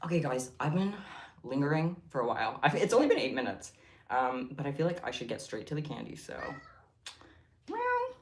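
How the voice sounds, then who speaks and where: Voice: mid-range voice, big pitch swings, quick pace. A livestream host chatting casually while crafting, giggly and rambling off on tangents. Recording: roomy echo.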